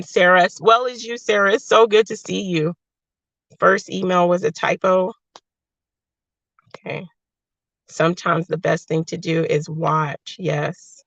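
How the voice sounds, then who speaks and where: A woman chatting casually on a livestream, reading viewer comments in a warm, affectionate, emotional way. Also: fairly low pitch, vocal fry, no echo. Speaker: livestream host. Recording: dry, slightly dull lo-fi sound.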